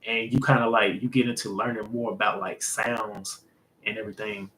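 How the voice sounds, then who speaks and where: A man hosting a casual language lesson, explaining in a loose, rambling way full of fillers and an occasional "boom" to wrap up a point. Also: fairly even intonation, moderate pace, bright, forceful tone, slight background noise, rough recording. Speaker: host.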